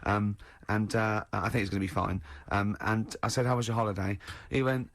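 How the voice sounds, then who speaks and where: A man's voice: fairly low pitch, fairly even intonation, a little fast, fairly bright tone, no echo. An English man hosting a radio show, telling long rambling stories and quoting others with "he went". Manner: rambling storyteller, quotes others with lots of "he went". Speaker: radio host. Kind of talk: casual radio banter.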